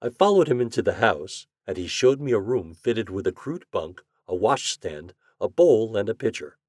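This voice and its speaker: A man narrating a first-person story in an audiobook, with low subdued asides. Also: sing-song, normal speed, a little mellow, dry recording, clean studio sound.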